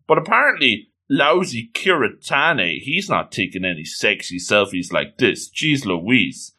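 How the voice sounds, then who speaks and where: A man's voice: medium pitch, sing-song, unhurried, bright, forceful tone, husky. A man recapping an anime episode in a playful, exclamatory casual commentary.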